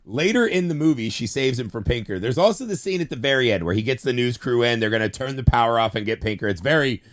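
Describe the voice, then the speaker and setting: A man co-hosting a casual movie podcast, retelling scenes in an animated way and acting out lines. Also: medium pitch, fast talker. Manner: animated retelling of scenes with acted-out quotes and laughs. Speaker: podcast co-host.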